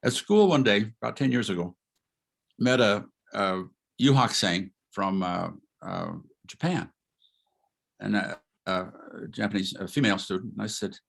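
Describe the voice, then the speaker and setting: An older man lectures over a video call in a low, gravelly voice with a husky edge. He talks like a retired professor, lively and informal. He poses rhetorical questions and laughs as he goes. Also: moderate pace. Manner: animated, asks rhetorical questions, chuckles, acts out quotes. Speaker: retired history professor giving a talk.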